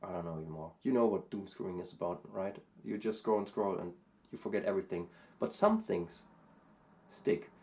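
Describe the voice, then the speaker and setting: A man talking through a casual vocal lesson, thoughtful and hesitant, with many pauses and fillers. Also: sits low, sing-song, mellow. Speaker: vocal coach and vlogger.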